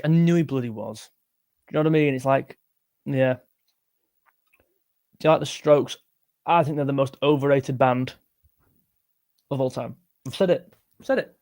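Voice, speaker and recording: Young man, rambling livestream chat, tired voice, mid-pitched. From England. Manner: rambling, chatty, self-interrupting. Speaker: music livestream host. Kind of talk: casual livestream chat reading comments.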